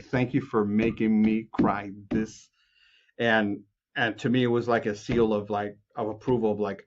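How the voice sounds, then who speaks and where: A man from Chicago, a composer and guest, telling anecdotes with lively acted-out quotes, many restarts and laughs. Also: on the low side, highs cut off. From Chicago, USA. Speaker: music producer and film composer, guest. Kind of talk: animated anecdotal storytelling.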